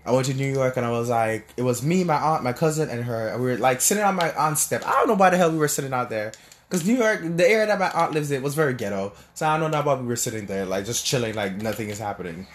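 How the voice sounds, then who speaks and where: A man's voice: mid-range voice, expressive, fast talker, slight background noise. A young man from Jamaica in casual, rambling storytelling, full of restarts and fillers. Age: young adult.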